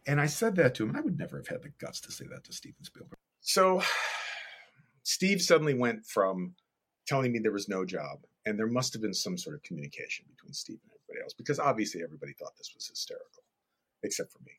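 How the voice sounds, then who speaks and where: A middle-aged man, an animator and director, telling a story as a podcast guest in an animated way and acting out the dialogue. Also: medium pitch, quick pace, husky. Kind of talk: casual storytelling.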